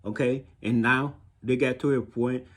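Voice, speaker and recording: A man's voice: mid-range voice, fairly even intonation, a little slow. A man with a Haitian accent giving blunt, mocking dating advice in a casual monologue, often repeating himself.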